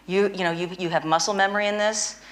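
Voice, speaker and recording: A woman's voice: medium pitch, fairly even intonation, fast. A woman interviewing a guest and teaching a tapping technique, emphatic and prone to repeating phrases for stress. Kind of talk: instructional conversation.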